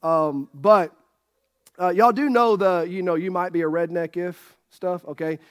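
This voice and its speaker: A man's voice: sits high, a little slow. A middle-aged man preaching a sermon as pastor, folksy and joking with his congregation. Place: church sanctuary.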